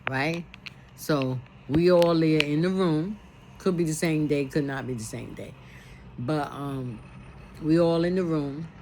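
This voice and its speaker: A woman's voice: low voice, measured pace, dark tone, a little hiss or hum. A woman telling a personal family memory in an earnest way, often repeating herself as she recalls it. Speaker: storyteller.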